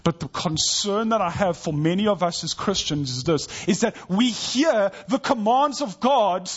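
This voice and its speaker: Male pastor, sermon, high voice, earnest, soft hushed passages, dull lo-fi sound. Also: animated, normal speed, husky. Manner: earnest, drops to a soft hush for gentle passages.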